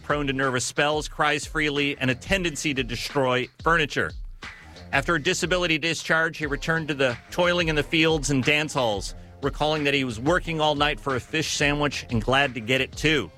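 A man giving scripted narration on music history in a measured, storytelling manner with occasional self-corrections. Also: fairly high pitch, bright, forceful tone.

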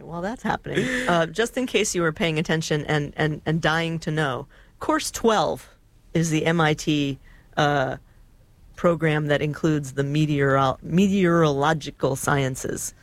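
A woman's voice: low-pitched, measured pace, no echo. A woman co-hosting a radio music show, chatting casually with many fillers and frequent laughs.

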